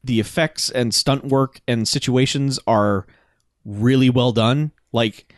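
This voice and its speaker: A man in casual podcast chat, talking through a film he liked with plenty of swearing and tangents. His voice sits at an ordinary middle pitch. The sound is dry and close, with no room around it. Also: fairly even intonation, slow, no echo. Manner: rambling, profane, enthusiastic. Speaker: podcast co-host. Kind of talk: casual movie review chat.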